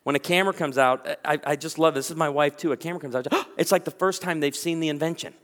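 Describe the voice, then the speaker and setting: A man preaching from the pulpit with a fairly high, animated voice, acting out the people in his stories. His sermon rings with the long reverb of a large church hall, and his delivery swings between playful and earnest. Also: quick pace, hardly any pauses. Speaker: pastor.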